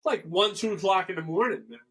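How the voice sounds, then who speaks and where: An older man, a guest musician, telling stories in a rambling, animated way and acting out the dialogue he quotes. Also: high-pitched, quick pace, low-quality recording. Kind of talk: casual storytelling interview.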